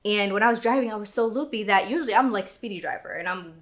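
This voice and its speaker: A woman's voice: medium pitch, fast talker, fairly bright tone. A woman co-hosting a podcast, telling a personal story in a subdued, earnest casual way. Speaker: podcast co-host.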